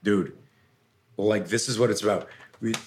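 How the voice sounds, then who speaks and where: A man's voice: on the low side, moderate pace, a little hiss or hum. A middle-aged man, a self-defense coach, telling stories intensely and animatedly as a podcast guest, with casual swearing. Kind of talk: podcast interview storytelling.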